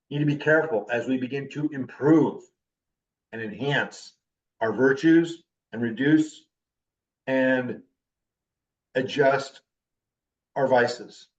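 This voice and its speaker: A man in his fifties teaching a class, his talk intense. His voice sits at an ordinary pitch. It was recorded from a distance on a dull, lo-fi recording. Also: slow pace, long pauses. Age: 50s. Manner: intense, animated talker.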